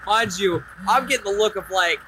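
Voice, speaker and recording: A man hosting a casual podcast chat, telling stories animatedly, acting out loud quotes and swearing freely. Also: fairly high pitch, lively intonation, normal speed, background noise.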